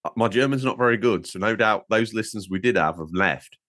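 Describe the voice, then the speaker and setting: A man co-hosting a gaming podcast, bantering in a jokey, animated way and laughing at himself. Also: fairly low pitch, brisk. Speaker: podcast co-host. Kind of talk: casual banter.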